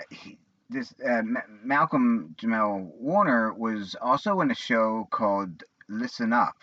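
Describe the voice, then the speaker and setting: A man in his forties talking casually on his own, rambling and halting with many fillers and restarts. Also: on the low side, bright, forceful tone, no room sound. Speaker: vlogger. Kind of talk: casual monologue. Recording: dull lo-fi sound.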